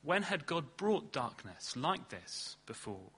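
Earnest preacher, bright voice. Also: male voice, sing-song, breathy edge. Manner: earnest, rising to emphatic stresses then dropping low and slow. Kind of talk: sermon. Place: church hall.

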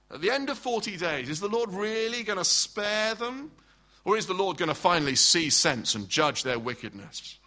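A middle-aged man preaches a sermon in a bright, forceful voice that sits a little high. He tells the story dramatically and acts out the quoted speech. He keeps asking the congregation questions.

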